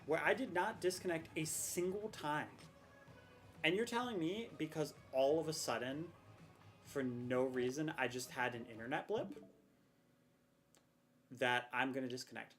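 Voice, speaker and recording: A woman's voice: deep voice, sing-song, normal speed, faint music behind. A young woman streaming a game, chatting casually and rambling with self-mocking exasperation about her technical troubles. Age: young adult. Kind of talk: casual live-stream chat.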